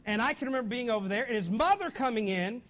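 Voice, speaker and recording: Pastor guy preaching, high voice that jumps all over, chatty and lively with the crowd. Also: fast. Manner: animated, conversational preaching with asides to the congregation. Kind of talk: sermon.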